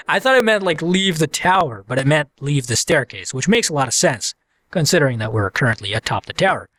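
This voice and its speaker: A man's voice: a little high, big pitch swings, fairly quick, a bit bright, dry recording. A man hosting a let's play, chatting casually and playfully while he reads the game aloud. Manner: chatty, playful, self-mocking.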